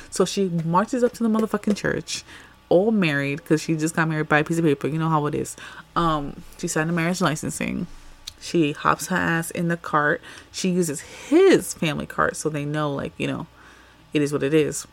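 A woman's voice: low voice, normal speed, vocal fry. A woman podcast host casually retelling a comic's story in a chatty, slangy, profane way, full of "like". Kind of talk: casual plot recap.

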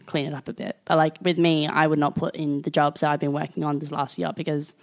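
A woman's voice: low-pitched, quick pace. A young woman co-hosting a podcast, telling stories with a lot of swearing and acting out what people said. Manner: animated storytelling, acts out quotes, swears freely. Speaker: podcast co-host. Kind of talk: casual chat.

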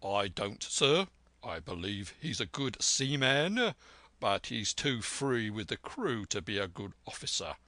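A man voicing a stern, blunt sea captain who talks in a measured, firm way in a storybook reading. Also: fairly low pitch, sing-song, sharp tone, dry recording, full character voice.

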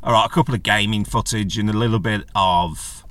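A man hosting a casual solo podcast, chatty and jokey, rambling from one aside to the next. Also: fairly quick. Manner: rambling, chatty and jokey, with animated pitch jumps. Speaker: podcast host.

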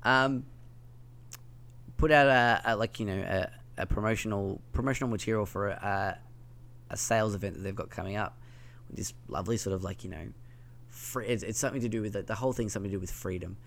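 This podcast host has a lowish, creaky voice with a fairly bright tone and a fairly quick pace. Speaking with a slight lisp, he chats about gaming news in a loose, casual way, filling his talk with ums and likes.

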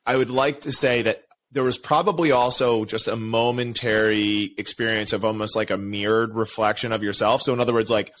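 A man's voice: lowish voice, steady tone, fairly quick, few pauses, a bit bright, slight background noise. A man hosting a podcast interview, talking in a reflective, loose way with lots of "you know" and "like.". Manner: reflective, rambling, many fillers like "you know". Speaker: podcast host. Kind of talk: casual interview conversation.

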